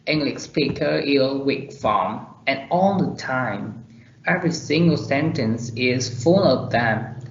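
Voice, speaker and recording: A young man with a Vietnamese accent reading a class presentation slowly and deliberately. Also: mid-range voice, animated, creaky, slight background noise. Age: young adult. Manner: slow, deliberate reading of examples. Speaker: student presenter. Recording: echoey dull lo-fi room recording.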